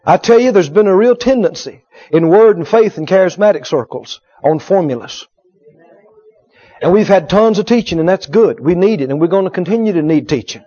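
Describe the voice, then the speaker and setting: Emphatic male preacher with a high voice, repeating lines for effect and acting out quotes; muffled lo-fi recording. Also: expressive, fairly quick, warm tone. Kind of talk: sermon. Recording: dull lo-fi sermon recording.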